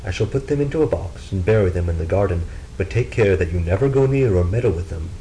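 A man's voice: low-pitched, expressive, fast talker, dark tone, slight background noise, low-quality recording. A man voicing an exasperated farmer husband in a storybook reading, scolding his wife in a raised voice. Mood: instructing.

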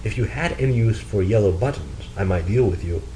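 A man's voice: on the low side, expressive, a little fast, mellow, a little hiss or hum, natural voice, rough recording. A man voicing a scatterbrained, cheerful young wife in a storybook reading, raising his voice to chatter innocent excuses. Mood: eager.

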